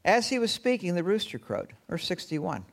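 A man preaching a sermon, telling the story dramatically and often dropping to a hushed, low tone. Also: huge pitch swings, normal speed, gravelly. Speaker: pastor.

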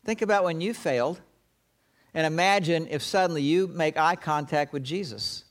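A man preaching a sermon, telling the story dramatically and often dropping to a hushed, low tone. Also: moderate pace. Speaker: pastor.

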